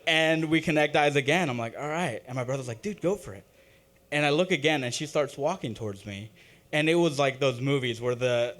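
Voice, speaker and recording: Halting young man doing stand-up. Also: medium pitch, fairly bright tone. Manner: halting, self-deprecating, many ums and uhs. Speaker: stand-up comic. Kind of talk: open-mic stand-up set. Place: open-mic comedy stage.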